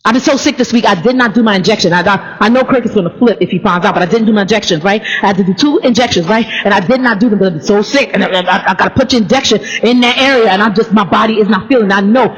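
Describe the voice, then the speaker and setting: A woman's voice: mid-range voice, racing, few pauses, breathy edge. Earnest woman musing aloud, echoey lo-fi room. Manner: earnest and conversational, frequent restarts and tag questions. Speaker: vlogger giving Bible reflections. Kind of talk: casual spoken devotional monologue. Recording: echoey room, dull lo-fi sound.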